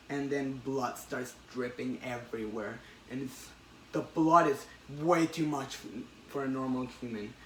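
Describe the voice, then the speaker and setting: A man hosting a casual comic book chat, retelling a story with excitement and many restarts. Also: medium pitch, recorded from a distance. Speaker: podcast host. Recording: echoey room, faint noise.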